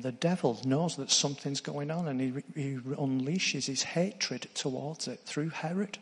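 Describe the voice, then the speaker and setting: A man's voice: medium pitch, fairly bright tone, in a large hall. A man preaching a sermon, earnest, putting direct questions to his congregation.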